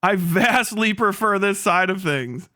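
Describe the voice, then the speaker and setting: A young man hosting a livestream talks a little slowly in a high voice, rambling through a loose, profane rant. He's excitable, laughs often, and slips into mock voices.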